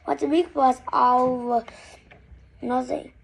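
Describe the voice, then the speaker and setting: A woman reading a storybook and voicing a rude, whiny schoolboy who snaps and shouts indignantly. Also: high-pitched, fairly even intonation, slow, creaky, slightly rough, heavily acted. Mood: sulky.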